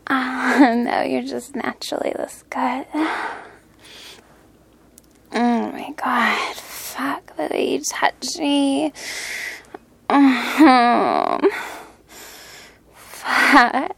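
High-voiced flirty gal teasing her lover, woman acting it, whispered role-play, slow drawl w/ lots of vocal fry. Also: animated, full character voice. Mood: teasing, breathless. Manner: breathless, giggly, teasing, slipping into whispers.

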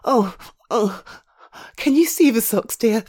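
Slow-paced and animated, a breathy young woman with a husky voice pants as though she's out of breath. Her pitch travels from low murmuring to high exclaiming, and she keeps falling into a soft whisper.

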